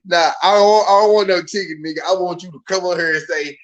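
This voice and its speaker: A man with a Southern US accent hosting a casual live boxing chat, animated and repetitive, swinging from muttering to loud outbursts. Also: sits high, quick pace, hardly any pauses. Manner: animated, swings from muttered to shouted, laughs often, repeats himself. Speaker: boxing show host.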